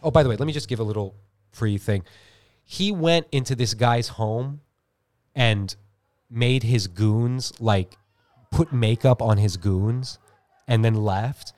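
A man's voice: mid-range voice, takes it slowly, darkish tone, no room sound. Joking male podcast host. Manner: loose, joking, swears freely. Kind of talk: casual chat.

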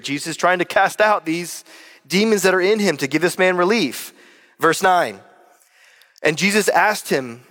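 A man's voice: high voice, normal speed, fairly bright tone. A young man preaching a sermon, speaking earnestly and directly to his listeners. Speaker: pastor. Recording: long hall reverb.

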